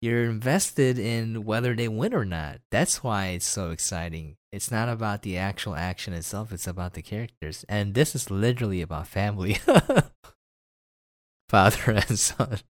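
Man, podcast co-host, low voice, jokey, laughs a lot, casual chat, dry sound. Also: normal speed, no room sound. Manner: enthusiastic, laughs often, jokey.

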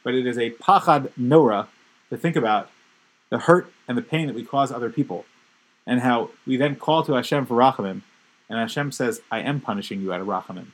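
A man's voice: medium pitch, moderate pace, poor audio. A man giving a Torah class, telling stories with emphatic, building intensity. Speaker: religious teacher.

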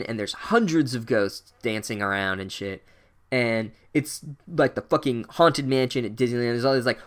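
A man's voice: mid-range voice, smooth. A man giving a casual comedic book recap, sarcastic and full of swearing. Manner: profane, sarcastic.

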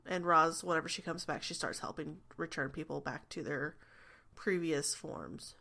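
A woman narrating as game master of a tabletop role-playing game, relaxed and chatty. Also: deep voice, normal speed, creaky. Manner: relaxed, chatty, laughs often.

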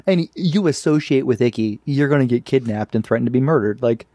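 Laughing, animated man on a dry mic. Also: medium pitch, a little fast, no echo. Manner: animated, laughing, acts out quotes. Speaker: podcast co-host. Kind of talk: casual chat recapping a cartoon.

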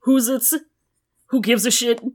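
A woman's voice: on the high side, steady tone, a little slow. A woman co-hosting a casual podcast who swears freely and laughs often, sharing one microphone with the others in the same room. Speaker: podcast co-host. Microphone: one shared microphone.

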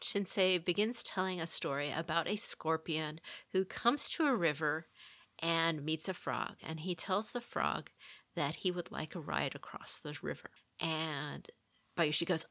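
Slow-talking woman telling a legend. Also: low-pitched, sharp tone, dry recording, studio quality. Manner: unhurried retelling of a legend with small restarts. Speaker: podcast co-host. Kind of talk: casual chat, storytelling.

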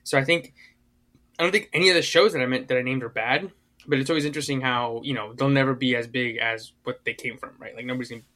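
In a relaxed podcast chat, a male co-host speaks fast in a bright, forward voice of medium pitch and steady tone. He wanders as he talks, looping back with fillers and sentences he starts over. A little hiss or hum sits under the recording.

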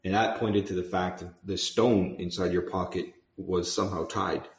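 A man's voice: low voice, steady tone, moderate pace, reverberant. A man recapping a tabletop game session as game master, chatty, often laughing and restarting his sentences.

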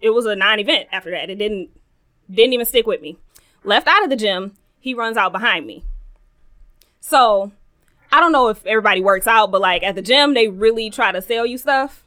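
A young woman co-hosting a casual podcast, telling a story with animated retellings of what people said. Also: mid-range voice, a little fast. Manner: animated storyteller, acts out quoted dialogue. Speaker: podcast co-host.

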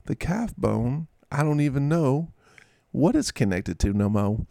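A man's voice: medium pitch, sing-song, unhurried, gravelly, warm tone, dry recording, studio quality, pitched above the performer's own voice. A man doing a boastful, laid-back impression of a young quarterback, speaking in a casual drawl. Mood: cocky.

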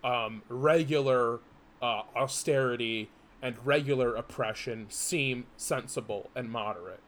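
A man's voice: medium pitch, a little slow, a bit bright, a little hiss or hum. A man co-hosting a podcast in casual chat, explaining at length with many restarts and fillers. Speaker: podcast co-host.

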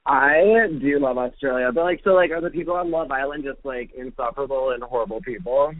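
A man's voice: mid-range voice, a little fast. Laid-back guy, dry teasing jokes, sounds like a phone call, no room echo. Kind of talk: casual chat.

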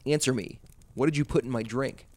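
A man's voice: medium pitch, fast, vocal fry, a little mellow, lightly acted. A man reading the part of a teenage girl babysitter, coaxing and teasing. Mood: frantic. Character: teenage female babysitter, sly then frightened.

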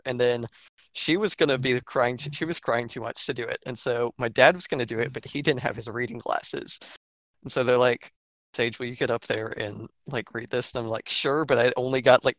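A man's voice: mid-range voice, no echo. A young man from Georgia with an Atlanta accent, talking bluntly and profanely in casual political podcast chat. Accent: Atlanta Southern US. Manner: blunt, profane, animated storytelling.

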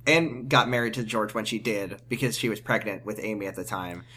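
A man's voice: lowish voice, fairly quick, sharp tone, a little hiss or hum. A man co-hosting a casual TV recap chat, retelling scenes in a joking, playful way. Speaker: podcast co-host.

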